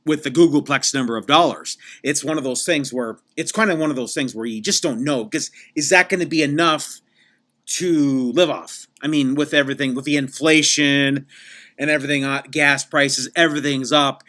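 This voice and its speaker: Guy playing a full-of-himself podcast guest, bright tense voice, rambles on and on. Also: medium pitch, moderate pace, close to an everyday voice. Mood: rambling. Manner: rambling, repeats himself, many restarts. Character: rambling self-important male podcast guest, adult. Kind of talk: comedic improvised interview.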